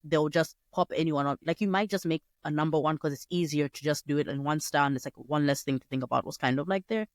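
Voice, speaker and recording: A woman's voice: quick pace, hardly any pauses, dry recording. Chatty young woman podcaster, dry sound. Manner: chatty and digressive, with sudden high-pitched jumps and laughs. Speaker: podcast host. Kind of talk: casual solo podcast monologue.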